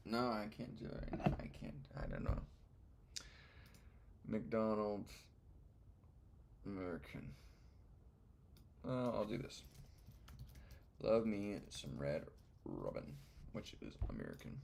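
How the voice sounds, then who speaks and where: A man's voice: lowish voice, big pitch swings, slow pace, gravelly, pauses often, darkish tone, slight background noise. A man working through coding exercises and thinking aloud in a loose, muttering way, often trailing off. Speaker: beginner programmer. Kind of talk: casual screen-recorded coding session.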